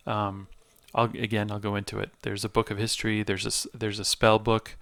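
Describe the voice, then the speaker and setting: A man's voice: lowish voice, flat delivery, a little fast, gravelly, a bit bright, clean tone, dry recording. A man hosting a let's play, reading game text aloud and explaining with hesitant fillers as he searches for words.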